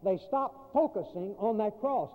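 Man, preacher, high voice, emphatic sermon, repeats phrases, tinny phone-like sound, echoing hall. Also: expressive, a little slow. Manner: emphatic, repeats key phrases, swings from loud to quiet.

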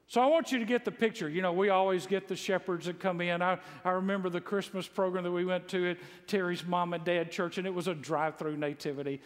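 A Mississippi pastor delivers a sermon in a high voice, telling folksy, humorous stories that build into loud exclamations. His words carry a long reverb, like in a large church sanctuary or big hall.

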